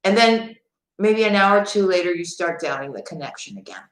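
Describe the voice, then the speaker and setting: A woman's voice: fairly low pitch, sing-song, brisk. Woman tarot reader, chatty live-stream host, laughs often, echoey room. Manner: chatty, laughs often, addresses viewers directly.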